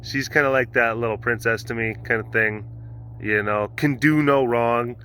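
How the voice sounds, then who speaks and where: Playful male vlog host, bright tone, rambling chatter and baby talk, light outdoor ambience. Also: medium pitch, fairly even intonation, moderate pace, slight background noise. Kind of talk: casual vlog chat. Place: outdoor animal compound.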